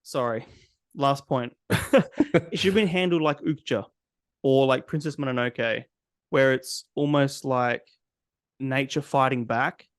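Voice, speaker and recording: A man's voice: mid-range voice, unhurried, pauses often, no echo. Ranting, sweary man with a dry, close sound. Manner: ranting, profane, animated. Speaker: podcast co-host. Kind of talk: casual chat.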